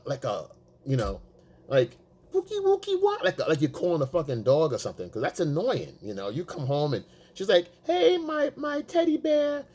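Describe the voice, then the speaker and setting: A man's voice: a little high, warm tone, husky. A man talking as a dating coach, casual and profane, repeating himself for emphasis. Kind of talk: casual coaching talk to the camera.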